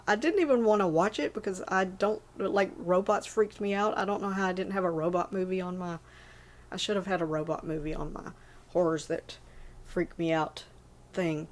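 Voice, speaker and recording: A woman in her forties casually rambling about favorite movies, full of fillers and self-corrections. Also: mid-range voice. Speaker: movie list vlogger.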